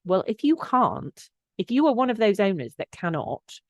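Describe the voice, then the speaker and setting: A collie behaviour specialist hosts a casual dog-training podcast, speaking at a moderate pace in a medium-pitched voice with no room sound. Her advice comes in a chatty, teaching style full of fillers and restarts, and she livens up when acting out quotes.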